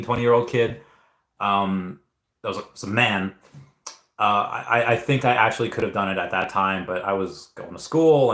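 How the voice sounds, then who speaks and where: A man's voice: lowish voice, a bit bright. A young man hosting a casual livestream Q&A, reading chat and rambling with frequent restarts and repeated words. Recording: echoey room.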